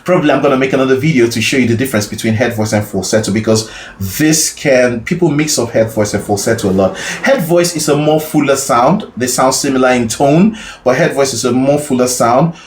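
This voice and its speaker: A man's voice: medium pitch, a little fast, echoey room, a little hiss or hum. A man teaching a singing lesson as a vocal coach, explaining casually and often checking in with the listener. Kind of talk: singing lesson with sung demonstrations.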